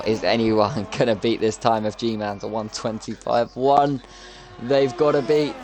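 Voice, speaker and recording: A man commentating live on an online racing league, chatty and jokey as he calls the laps. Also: lowish voice. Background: music.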